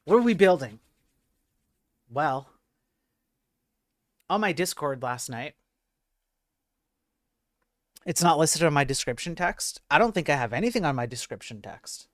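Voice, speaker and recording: A man's voice: on the high side, animated, normal speed, long pauses, no echo, studio quality. A man hosting a casual coding livestream, chatting with viewers and restarting his sentences often. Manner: chatty, reads and answers chat, frequent restarts. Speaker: livestream host.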